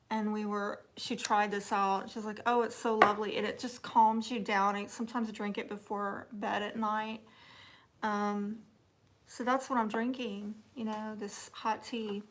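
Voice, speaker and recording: A woman with a Southern accent from Texas, hosting a casual livestream, reading viewer comments aloud and answering them in a chatty, teasing way with frequent laughter. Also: medium pitch. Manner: chatty and teasing, laughs often, drops to soft asides. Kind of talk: casual live chat.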